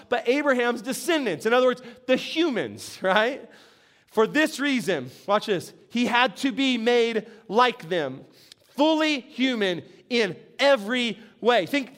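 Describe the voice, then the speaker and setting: A man's voice: extremely high pitch, a bit bright. A middle-aged man giving a sermon as a pastor, conversational and asking his congregation questions.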